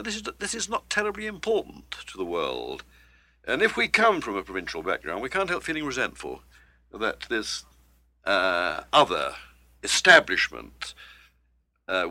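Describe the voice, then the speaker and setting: A man's voice: fairly low pitch, wildly swooping pitch, normal speed, bright, forceful tone, no room sound. A man from Manchester speaking in an archival interview, wry and rambling with asides. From Manchester, England. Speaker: interviewed writer.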